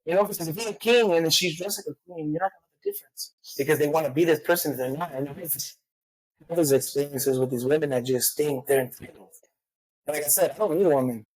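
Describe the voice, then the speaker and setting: A woman's voice: low-pitched, fast talker, a little mellow, breathy edge, poor audio. A woman telling stories in a casual chat, profane and acting out the voices of people she quotes.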